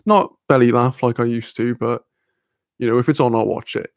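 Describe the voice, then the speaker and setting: A British man rambles through a casual live-stream chat, swearing freely and laughing often as he reads viewer comments. His voice has a gravelly fry and sits at an ordinary pitch. The sound is dry and close, with no room echo. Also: moderate pace.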